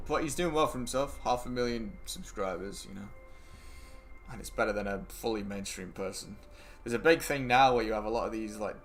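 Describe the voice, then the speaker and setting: Low-voiced British gaming streamer. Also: male voice, fairly bright tone. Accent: British English. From Britain. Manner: rambling, answers chat, swears casually. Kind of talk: casual livestream chat over gameplay.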